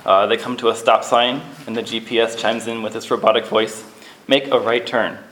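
A man preaching a sermon in an earnest, measured way, who opens with a prayer and reads from scripture. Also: on the low side, level tone, fairly bright tone, a little hiss or hum, rough recording. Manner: earnest, measured, briefly acts out quoted lines.

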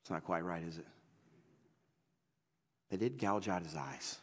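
A man's voice: deep voice, a little slow, a bit bright. A man preaching a sermon in an emphatic, folksy, repetitive way. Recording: long hall reverb.

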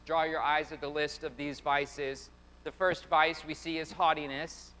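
A man's voice: on the high side, bright, forceful tone. A man preaching a sermon as pastor, emphatic, often repeating phrases in a preaching cadence, in a church sanctuary. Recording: long hall reverb.

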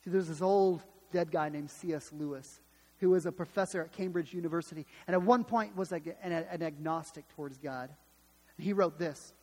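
High-voiced man preaching in an echoing hall. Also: moderate pace, darkish tone. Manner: emphatic, retelling scripture in dramatic voices with many restarts. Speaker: pastor. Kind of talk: sermon.

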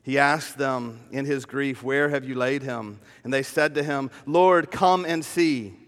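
A middle-aged man, a pastor, preaching a sermon in a church. He moves between hushed, slow tenderness and animated storytelling. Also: medium pitch. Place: church sanctuary. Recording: long hall reverb.

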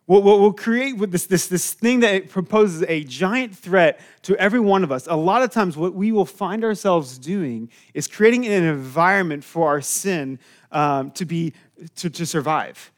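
Rambling, slightly high-voiced male pastor. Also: normal speed. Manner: rambling, many fillers and restarts, lively storytelling. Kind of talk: casual sermon to a congregation.

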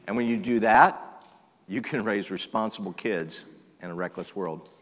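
A preacher in a reverberant hall. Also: male voice, moderate pace, fairly bright tone. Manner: conversational preaching, dropping to a low murmur then rising for emphasis. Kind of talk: sermon. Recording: long reverb of a large hall.

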